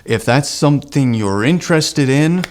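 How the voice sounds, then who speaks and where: A man's voice: mid-range voice, lively intonation, moderate pace, slight background noise. A man, teaching an online singing lesson in an earnest, encouraging way. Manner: earnest, encouraging, breaks into sung exercise demos. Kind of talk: online vocal lesson with sung demonstrations.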